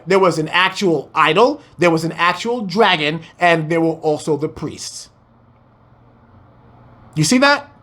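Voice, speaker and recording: Fiery, lively high-voiced male preacher. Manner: fiery, exclaiming, rhetorical questions, swearing. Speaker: preacher teaching scripture. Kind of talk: impassioned scripture breakdown.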